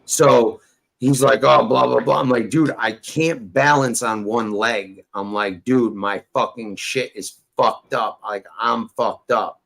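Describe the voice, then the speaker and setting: A man with a gravelly, creaky voice tells a rambling, profane tale in casual chat. He acts out each quoted line himself. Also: mid-range voice, slow, a bit bright, poor audio. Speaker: storyteller guest.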